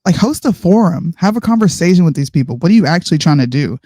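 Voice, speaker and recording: A woman's voice: on the low side, brisk, no room sound, studio quality. Laid-back woman with a North Carolina accent. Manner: laughs easily, slangy, relaxed. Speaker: co-host. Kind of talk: casual live-stream chat.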